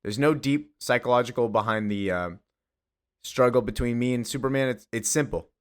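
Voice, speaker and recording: A man's voice: medium pitch, moderate pace, lightly acted. A man voicing a boastful male arch-villain, gloating in a matter-of-fact way.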